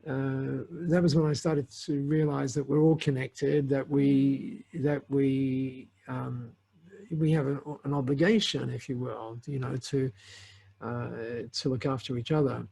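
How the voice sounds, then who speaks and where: A man's voice: mid-range voice, little pitch movement, a little slow, creaky, warm tone, breathy edge. A middle-aged man on a podcast, telling a story in a casual, rambling way with many restarts and fillers and frequent laughs. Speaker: podcast guest, entrepreneur.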